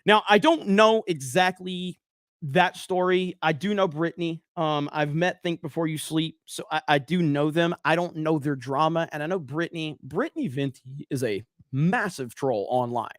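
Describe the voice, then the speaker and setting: Reading super chats on his livestream, an Alabama man with a Southern accent rambles casually, cursing and making fun of himself. His voice is a little high and fairly bright, recorded in clean studio sound with no echo.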